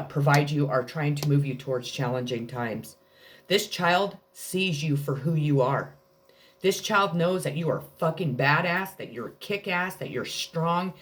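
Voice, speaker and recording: A woman giving a spiritual tarot reading in a blunt, heartfelt way, with frequent swearing. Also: sits low. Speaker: tarot card reader.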